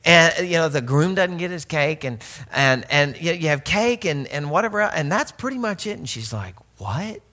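Animated joking man preaching. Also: a little high, moderate pace, few pauses. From Arkansas. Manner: animated, joking, self-mocking, with many restarts. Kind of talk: humorous storytelling sermon.

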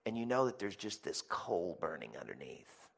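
A man preaching a sermon as pastor, telling stories lively, with jokey asides and rhetorical questions to the congregation. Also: sits low, normal speed, creaky, husky.

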